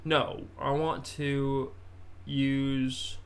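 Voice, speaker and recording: A man's voice: medium pitch, flat delivery, very slow. A man hosting a podcast in casual chat, rambling and poking fun at himself. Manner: rambling, self-mocking, laughs at own jokes. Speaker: podcast host.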